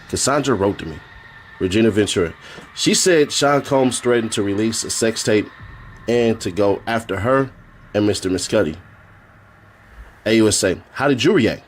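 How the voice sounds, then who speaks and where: A man on a live stream reads out a court transcript in a low, husky voice. He keeps the reading flat and plain, then drops in joking asides of his own.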